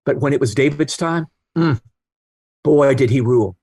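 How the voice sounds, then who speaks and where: A man's voice: mid-range voice, moderate pace, darkish tone. A man in his sixties, a guest author, telling earnest stories in an interview and acting out quoted voices. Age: 60s. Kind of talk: storytelling interview talk.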